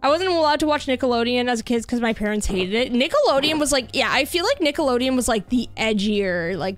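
A young Canadian woman with a higher-pitched voice, chatting loosely and rambling as she streams a game. She fills her talk with "like" and little asides to viewers. Soft music plays faintly under her voice. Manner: chatty, rambling, lots of "like" fillers. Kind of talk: casual live-stream chat while gaming.

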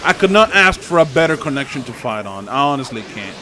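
A man's voice: mid-range voice, very animated, fast, sharp tone. A young man with a Spanish accent giving loose, profane, trash-talking commentary while he plays a fighting game online. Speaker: gaming channel host. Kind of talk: live gameplay commentary.

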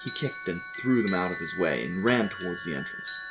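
A man narrating a scripted fantasy story with a steady, expressive reading. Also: deep voice, a little fast, loud music behind the voice.

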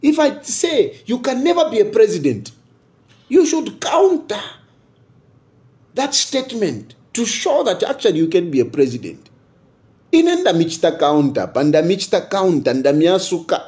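A man's voice: high-pitched, big pitch swings, moderate pace, a little mellow. A Zambian man giving impassioned political commentary, repeating his points and firing off rhetorical questions. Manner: emphatic, repeats phrases, switches between English and local languages.

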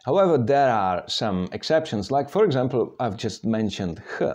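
A man's voice: lowish voice, darkish tone. A Czech man teaching pronunciation patiently, step by step, sounding out words for learners. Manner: patient, demonstrating sounds aloud. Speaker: language teacher. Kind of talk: slow step-by-step pronunciation lesson.

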